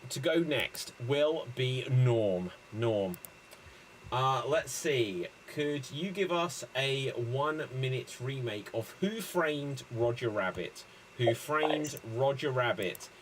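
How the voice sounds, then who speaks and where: A man hosting an improv comedy show, breezy and jokey with quick asides. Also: mid-range voice, lively intonation, slight background noise, poor audio.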